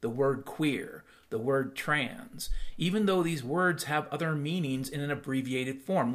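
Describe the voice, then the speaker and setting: A man's voice: on the high side, fairly bright tone. Blunt, profane man ranting on a podcast. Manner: blunt, profane, sarcastic rant; addresses listeners directly with rhetorical questions. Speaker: podcast host. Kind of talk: solo podcast monologue.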